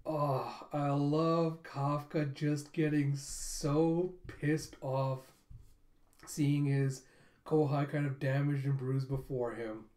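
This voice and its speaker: Man, rambling comic recap, fairly high voice, echoey room. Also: slow pace. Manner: excited, rambling, recaps with laughs. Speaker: comic reaction reviewer. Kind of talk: casual comic recap and reaction. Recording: roomy echo.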